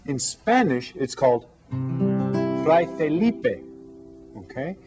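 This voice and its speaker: A man teaching an elementary Spanish lesson to children, with slow, clear, patient speech that switches between English and Spanish. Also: fairly high pitch, sing-song, music in the background.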